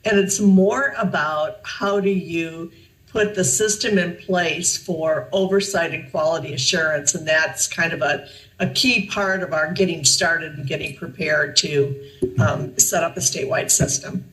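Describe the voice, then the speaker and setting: A woman's voice: low-pitched, a little slow, fairly bright tone, roomy sound, rough recording. A woman presenting at a formal public meeting, explaining her views thoughtfully with frequent fillers.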